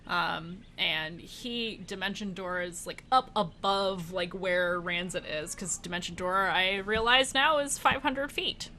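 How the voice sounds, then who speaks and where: A woman's voice: lowish voice, unhurried, few pauses, bright, forceful tone, a little hiss or hum. A woman narrating as dungeon master of a tabletop game, chatty and laughing often, thinking aloud with fillers.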